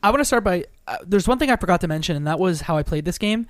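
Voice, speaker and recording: A man's voice: high voice, lively intonation, rapid-fire, no room sound. Chatty man, dry close sound. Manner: rambling, heavy "like" filler. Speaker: podcast co-host. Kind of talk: casual chat about a video game.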